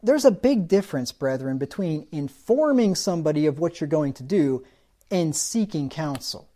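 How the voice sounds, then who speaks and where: Mellow-voiced man preaching with rhetorical questions. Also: on the high side, animated, moderate pace. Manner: rhetorical questions, acting out quoted people. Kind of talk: sermon.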